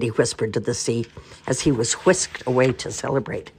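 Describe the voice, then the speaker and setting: An older grandmother reading picture books aloud in an expressive, playful way. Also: rumbling low, moderate pace, a little hiss or hum. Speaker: storyteller grandmother.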